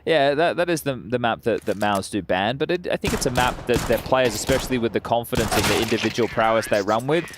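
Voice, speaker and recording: A man giving measured, analytical color commentary on a live esports match, with frequent hesitations. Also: medium pitch, heavy background noise.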